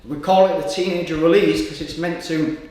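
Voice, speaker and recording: A man's voice: on the high side, steady tone, brisk, darkish tone. A man leading a guided somatic exercise, giving encouraging cues and breathing audibly between them. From Britain. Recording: echoey room, voice from far off.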